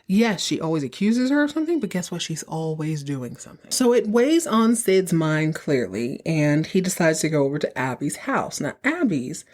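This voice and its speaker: A woman hosts a podcast and recaps episodes in casual, chatty tones. She keeps things sassy, slipping in quick asides along the way. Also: low voice, sing-song, a little mellow. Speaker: podcast host.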